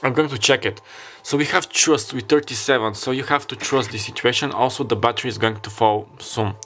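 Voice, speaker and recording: Brief: non-native English-speaking man, casual tarot reader, halting, wanders off track, filmed on his own camera. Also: medium pitch, a bit bright, faint music behind. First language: not English. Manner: rambling, hesitant, searches for words aloud. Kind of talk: casual tarot reading monologue.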